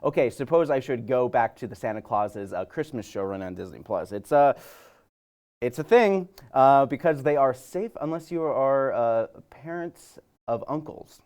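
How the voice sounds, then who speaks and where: Guy host snarking about holiday movies, rambly, lots of uhs, normal pitch. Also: animated, normal speed, a little mellow, smooth. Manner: sarcastic, rambling, filler-heavy. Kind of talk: comedic movie preview segment.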